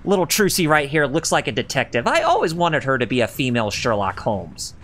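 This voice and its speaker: A man streaming a video game, giving chatty, animated commentary full of reactions and jokes. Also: medium pitch, brisk. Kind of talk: casual let's-play commentary.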